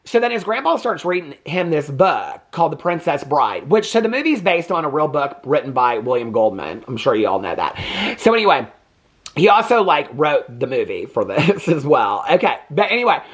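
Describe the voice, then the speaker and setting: A man in his fifties chats through a movie review, wandering off into tangents as he goes. His pitch swings widely, rising and falling a lot as he talks. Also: big pitch swings, normal speed, fairly bright tone, slightly rough. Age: 50s. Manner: rambling, digressive, chatty. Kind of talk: casual chat.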